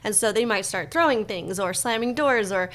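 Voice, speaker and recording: A woman's voice: mid-range voice, moderate pace, a bit bright. A woman hosting a podcast, talking in a casual, reflective way with frequent fillers and restarts. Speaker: podcast host. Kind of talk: casual conversation.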